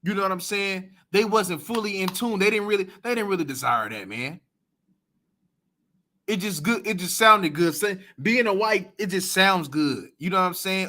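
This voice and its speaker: A man hosting a reaction video, giving casual commentary in slang, animated and swinging between loud disbelief and low muttering. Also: normal speed. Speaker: reaction channel host.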